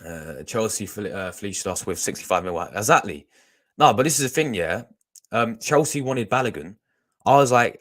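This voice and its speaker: Deep voiced young guy, rambly casual stream chat, talks to his viewers. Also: lively intonation, normal speed, a bit bright. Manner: rambling, chatty, talks to chat, restarts a lot. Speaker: fan channel host reacting on a live stream.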